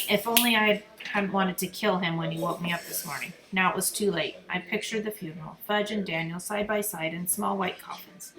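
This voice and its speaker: A woman reading a children's novel aloud with expressive storytelling. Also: medium pitch, normal speed. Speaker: reader. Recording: roomy echo, crowd murmur behind.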